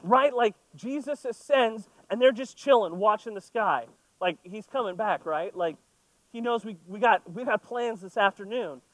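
High-voiced, chatty man preaching. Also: moderate pace, a bit bright, no echo, rough recording. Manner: conversational, playful asides. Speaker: pastor. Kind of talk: sermon with scripture reading.

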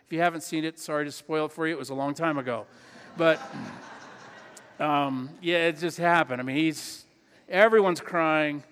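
A man's voice: a little high, moderate pace, a bit bright, a little hiss or hum. A pastor preaching a sermon in his church, earnest and emphatic, repeating key phrases. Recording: long hall reverb.

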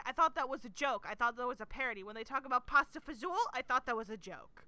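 A woman with a bright, clean, smooth voice, chatting casually about a film. She talks a little higher than average, playful and self-deprecating, with frequent laughter. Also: quick pace, hardly any pauses, dry recording. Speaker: podcast co-host. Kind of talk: casual chat about a movie.

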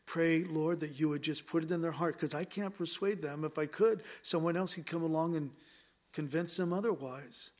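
A man's voice: on the high side, normal speed. A man as a pastor, earnestly preaching and then praying aloud in a church, with repeated, pleading appeals. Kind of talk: sermon and closing prayer. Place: church sanctuary.

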